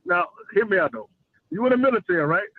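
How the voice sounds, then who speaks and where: A man with a high, light voice calls in and chats loosely, joking and repeating filler phrases. His voice comes through a tinny, dry phone line. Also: sing-song, quick pace, vocal fry, dry recording. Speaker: caller. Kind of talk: casual call-in chat.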